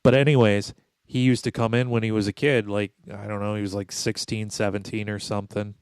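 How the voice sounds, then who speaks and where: A man's voice: on the low side, level tone, brisk, darkish tone, clear, resonant tone, dry recording. A man in his thirties telling a story with sarcastic asides in a casual podcast chat. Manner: wry, sarcastic storyteller, mimics people he meets. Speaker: podcast co-host.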